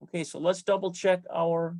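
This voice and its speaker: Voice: medium pitch, flat delivery, normal speed, a little mellow, no echo. A Hebrew teacher giving a grammar lesson, methodically spelling out letters and vowels step by step and thinking aloud with fillers and self-corrections.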